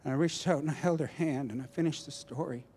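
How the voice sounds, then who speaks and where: A man's voice: on the high side, fast, a little hiss or hum. Man telling a sermon story. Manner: animated storytelling with restarts. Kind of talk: personal testimony sermon.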